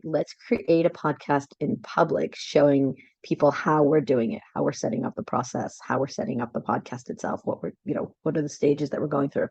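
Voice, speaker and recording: A woman's voice: deep voice, dark tone, dry recording, dull audio. A woman co-hosting a podcast in casual chat over a video call, enthusiastic and laughing often. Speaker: podcast co-host.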